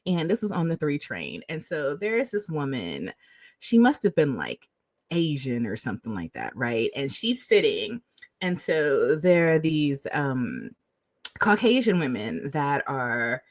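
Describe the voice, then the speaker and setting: Animated, laughing New woman. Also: low voice, measured pace, no room sound. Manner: animated storyteller, laughs often. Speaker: podcast co-host. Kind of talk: casual chat.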